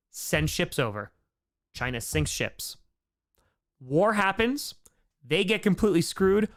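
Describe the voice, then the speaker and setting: A young man teaching a live-streamed history lesson, animated and jokey, tossing in sarcastic asides and quick mock dialogue while answering chat. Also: on the high side.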